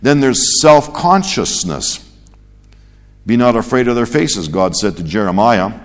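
A man preaching a sermon in an animated way, rising to loud emphatic peaks and dropping to quiet low asides. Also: unhurried. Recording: long hall reverb.

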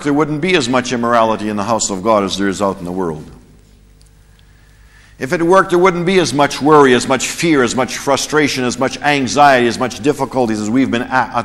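Brief: male preacher leading a church class, lively storyteller, laughs at his own punchlines, mid-range voice, long hall reverb. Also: mid-range voice. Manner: storytelling, animated, chuckles at his own jokes. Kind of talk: sermon with anecdote.

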